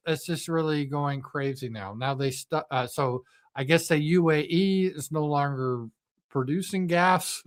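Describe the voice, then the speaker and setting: Profane, sarcastic man hosting. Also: a little high. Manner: profane, sarcastic and mocking, with frequent fillers. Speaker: host of a live news commentary stream. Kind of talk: unscripted political commentary.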